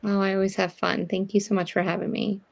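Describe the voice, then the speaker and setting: A woman's voice: medium pitch, flat delivery, fast, vocal fry, dull audio. A woman guesting on a casual livestream, talking in a rambling way with lots of fillers. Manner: talkative, rambling, many fillers like "like". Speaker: guest co-host.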